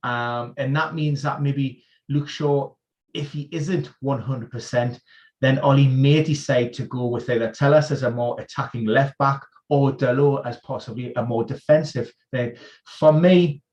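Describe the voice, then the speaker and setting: A man acting as an injury expert, running through football team news on a live stream in a quick, informed rundown. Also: mid-range voice, fairly even intonation, darkish tone, highs cut off. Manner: informed, rapid-fire rundown of player news. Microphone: video call.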